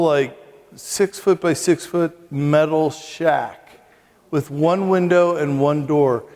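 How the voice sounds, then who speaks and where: A Catholic monk and priest tells funny, self-mocking stories to a live audience at a retreat. His voice is slightly high and a little mellow, trailing off into a long reverb. He's chatty, full of asides, and lands his jokes with good comic timing.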